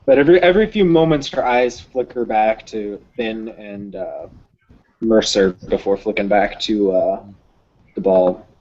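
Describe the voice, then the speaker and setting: A man playing a tabletop game, describing his character with hesitant, drawn-out phrasing. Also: fairly low pitch, a little mellow. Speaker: player. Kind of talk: tabletop role-play narration. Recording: dull lo-fi recording.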